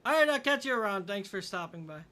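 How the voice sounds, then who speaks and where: Bright-voiced frustrated young gaming streamer man. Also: high voice, lively intonation, quick pace. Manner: frustrated, swearing, self-mocking. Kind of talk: casual gameplay commentary to chat.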